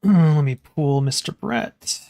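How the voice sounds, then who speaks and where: A game master running a tabletop horror game, halting and restarting phrases while describing the scene and calling for rolls. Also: medium pitch, warm tone.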